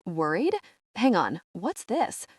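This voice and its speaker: A woman's voice: lowish voice, big pitch swings, takes it slowly, breathy edge, dry recording, studio quality, exaggerated voice. A woman voicing a shaken young man who sounds choked and pleading. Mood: startled. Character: shaken young man, art lover, near tears.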